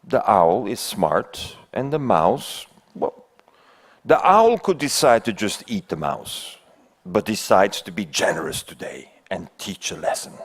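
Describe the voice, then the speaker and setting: An older Belgian man, not an English speaker, gives a keynote in a conference hall, telling a fable and posing rhetorical questions to the audience. His voice is lowish and sing-song, a little slow, with a breathy edge.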